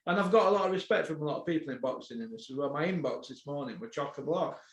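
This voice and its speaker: A man hosting a boxing podcast, ranting, swearing and bursting into shouts. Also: a little high, expressive, quick pace, reverberant.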